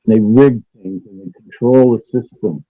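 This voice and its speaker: Man, guest on a call, casual halting talk, many fillers, muffled dull line. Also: lowish voice, husky. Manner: hesitant, many uh fillers and restarts. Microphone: remote call audio.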